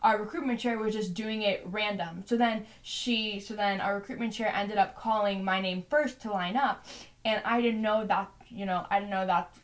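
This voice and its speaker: A woman's voice: medium pitch, steady tone, moderate pace. A young woman in her twenties, a podcast co-host, telling a story in a chatty way, full of "like" and "you know". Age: 20s. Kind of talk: casual storytelling.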